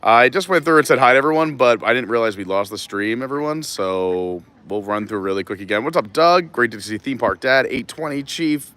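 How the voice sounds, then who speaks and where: A man's voice: mid-range voice, expressive, brisk, hardly any pauses, fairly bright tone. A man hosting a live stream, chatting casually and greeting viewers while filming on a gimbal. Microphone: gimbal camera.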